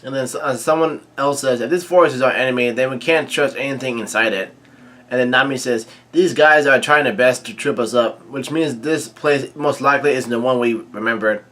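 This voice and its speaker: A man casually reading a comic chapter aloud, quoting lines and adding his own quick asides. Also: mid-range voice, a bit bright. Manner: reads quoted lines aloud with brief reactions and asides, many fillers. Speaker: manga reading commentator.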